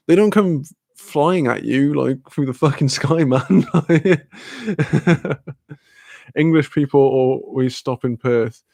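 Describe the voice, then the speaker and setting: A man's voice: mid-range voice, takes it slowly, vocal fry, a little mellow, no echo, studio quality. A Welsh man streaming a casual chat, laughing often, swearing freely and reading chat messages aloud. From Wales.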